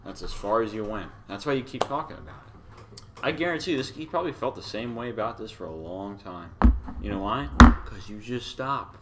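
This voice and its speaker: A man's voice: mid-range voice, animated, brisk, heavy background noise. A man co-hosting a podcast, chatting casually and making his points emphatically. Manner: emphatic, argumentative. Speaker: podcast co-host. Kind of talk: casual reaction chat.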